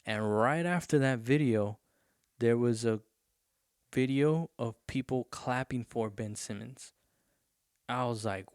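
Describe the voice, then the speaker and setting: A young man hosts his own podcast, rambling casually and swearing freely, with plenty of "you know" fillers. His voice sits at an ordinary middle pitch. It is recorded close and dry, with no room sound. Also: fairly even intonation, moderate pace, darkish tone, clear, resonant tone, no echo. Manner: loose, profane, rambling with many fillers. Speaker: podcast host. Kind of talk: casual solo podcast rant.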